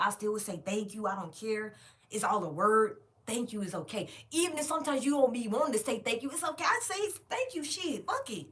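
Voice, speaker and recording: A woman vlogger telling a casual storytime monologue straight to her viewers, animated and emphatic, with plenty of swearing. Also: mid-range voice. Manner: directly addresses viewers.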